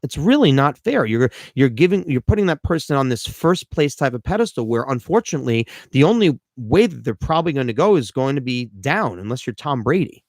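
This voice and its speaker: A man hosting a live podcast as a life coach, talking in an animated, rambling way with self-deprecating humor and frequent restarts. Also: mid-range voice, a little fast, hardly any pauses, no echo, clean studio sound.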